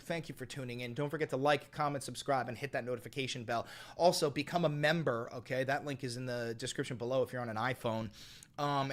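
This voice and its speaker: A man hosting a live political stream, ranting in a heated, profane and mocking way. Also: on the high side.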